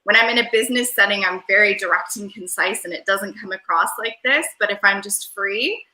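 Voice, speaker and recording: A woman's voice: medium pitch, brisk, pushed and bright. A woman guest in a casual interview, talking in an airy, Valley-girl-like way that rambles with lots of fillers, over a video call. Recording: roomy echo.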